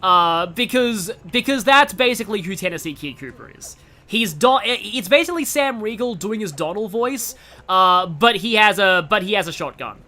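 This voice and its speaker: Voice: medium pitch, expressive, normal speed, pushed and bright. A young adult in their twenties with an Australian accent, chatting enthusiastically through casual game stream commentary, often restarting sentences. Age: 20s.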